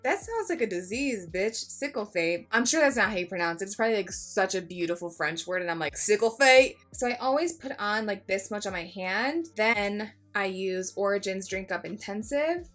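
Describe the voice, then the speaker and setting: A woman's voice: medium pitch, lively intonation, moderate pace, few pauses, a bit bright. Woman, beauty vlogger, casual tutorial, jokey, swears a lot, self-mocking asides, mid-range voice, faint music behind. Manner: chatty, jokey, swears freely.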